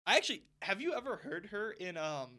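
Bright-voiced rambling young man. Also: high voice, a little fast. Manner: rambling, filler-heavy, swings loud when excited. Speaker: podcast co-host. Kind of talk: casual chat.

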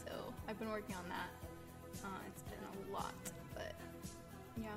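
A woman's voice: mid-range voice, steady tone, measured pace, creaky, over loud music. A young woman in her twenties co-hosting a casual podcast chat, often breaking into giggles. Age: 20s. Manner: giggly, laughs often between lines. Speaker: podcast co-host.

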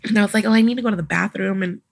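A young adult woman, a midwife guest on a podcast, telling a personal story in a casual, animated way and acting out the voices of others. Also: medium pitch, rapid-fire, creaky, dry recording, studio quality. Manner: animated, acts out quoted voices, laughs often.

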